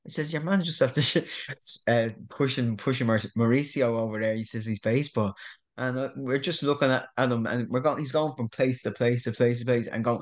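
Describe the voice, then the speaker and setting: A man's voice: medium pitch, fairly quick. A middle-aged Irish man telling a rambling story in a casual interview, repeating words and laughing often. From Ireland. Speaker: guest.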